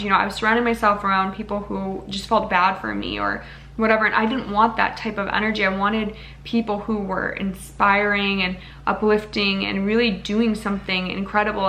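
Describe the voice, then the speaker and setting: A young woman talks to her camera in a casual vlog, earnest and rambling, sometimes getting emotional. Her voice is bright and forceful with a gravelly edge. A faint hiss sits under the recording. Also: medium pitch, steady tone, brisk. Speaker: vlogger.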